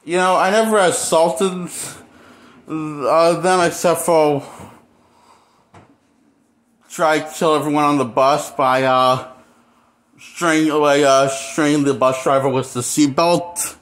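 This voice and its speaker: A man talking alone to camera in an unscripted monologue, halting and bitter, trailing off into pauses and then bursting out. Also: fairly high pitch, steady tone, a bit bright. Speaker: vlogger.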